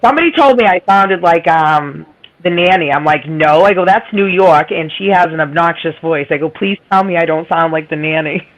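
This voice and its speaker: A woman with a Boston accent and a raspy, nasal voice, rambling in casual chat. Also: on the low side, a little fast, highs cut off. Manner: rambling, self-deprecating, laughs often. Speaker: livestream guest.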